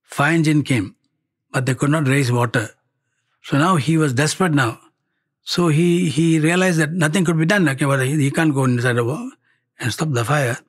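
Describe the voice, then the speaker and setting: A man with a Malaysian English accent telling a personal story to a gathering, halting and repeating words as he acts out the dialogue. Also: on the high side, breathy edge. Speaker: speaker at a devotional gathering.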